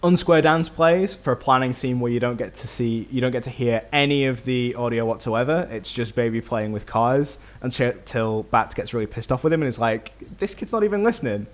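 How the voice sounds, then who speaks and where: A man on a casual film podcast, recapping the plot in quick bursts with fillers. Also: medium pitch. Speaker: podcast host.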